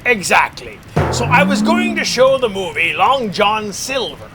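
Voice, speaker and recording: A man's voice: sits high, very animated, a little slow, over loud music. A man playing a boisterous pirate captain who hosts a horror movie show, talking with theatrical bluster and hearty laughs. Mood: grand. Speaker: horror host. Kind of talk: sketch comedy.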